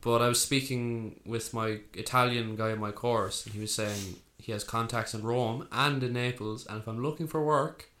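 A man's voice: mid-range voice, steady tone, moderate pace, few pauses, fairly bright tone. A young man co-hosting a podcast, chatting casually, laughing and swearing freely. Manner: laid-back, swears freely, laughs often. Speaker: podcast co-host. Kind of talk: casual banter.

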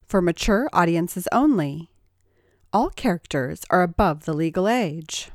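A woman's voice: on the low side, expressive, unhurried, no echo, studio quality. A woman narrating scripted adult fiction who reads expressively and gives each character a voice.

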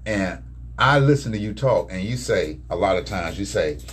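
A man talking casually and colloquially in a couple's conversation, gently teasing. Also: sits low, lively intonation, normal speed, soft background music.

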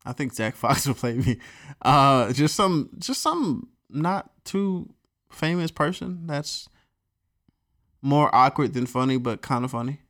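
A man's voice: mid-range voice, lively intonation, unhurried, fairly bright tone. A man hosting a podcast, chatting casually, laughing often and swearing freely. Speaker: podcast host. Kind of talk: casual chat.

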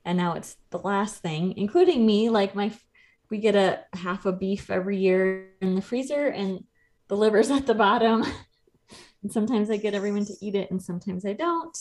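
A woman's voice: mid-range voice, moderate pace, darkish tone. Chatty woman explaining nutrition. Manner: explanatory, chatty, laughs easily. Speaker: nutrition coach, podcast co-host. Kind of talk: casual podcast chat.

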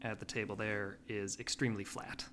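A man co-hosting a podcast in casual chat, making dry, measured remarks. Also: fairly low pitch, flat delivery, fairly bright tone, a little hiss or hum. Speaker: podcast co-host.

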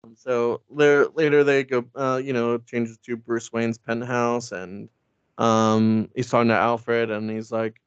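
A man recaps a comic in a loose, joking chat, rambling and putting on quick voices for the characters. His voice is smooth and clear, recorded dry and close. The audio sounds a little dull. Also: medium pitch, flat delivery, no room sound. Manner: rambling, joking, acts out lines in quick impressions. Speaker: podcast co-host recapping a comic. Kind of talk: casual comedic recap.

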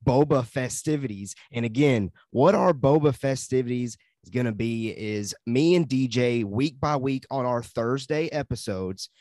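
A podcast host with a medium-pitched, darkish voice chats casually in a dry recording. He's upbeat and laughs easily, moving quickly as he leads into the next topic.

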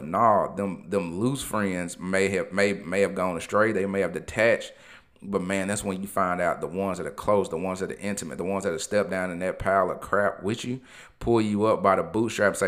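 A man delivers a motivational podcast monologue. His voice is bright and forceful, and he talks informally and preaches encouragement, hammering his points with repetition. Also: sits low, moderate pace. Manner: impassioned, preachy, informal, repeats phrases. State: emotional. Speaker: podcast host.

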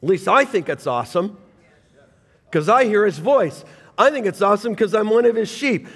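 A man preaching a sermon as pastor, reading scripture and swinging between loud bursts and quiet intensity. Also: high voice, lively intonation, normal speed, long reverb tail. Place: church sanctuary.

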